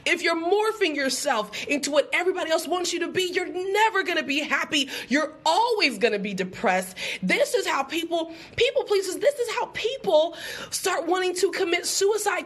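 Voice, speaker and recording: A woman with a high voice giving a live-stream pep talk. She speaks with emphatic, animated delivery and talks straight to her viewers, breaking into quick laughs.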